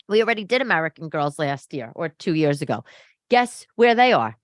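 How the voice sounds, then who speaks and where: A woman hosting a casual solo podcast, animated and sarcastic as she rants. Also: low-pitched, a little fast, no room sound, studio quality. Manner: animated, ranting, sarcastic asides. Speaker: podcast host. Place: home living room.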